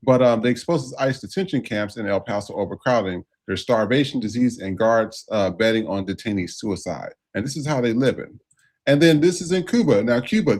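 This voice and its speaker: Male podcast host, mid-pitched, casual and loose, lots of fillers. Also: animated, a little fast. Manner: loose, filler-heavy segment lead-ins.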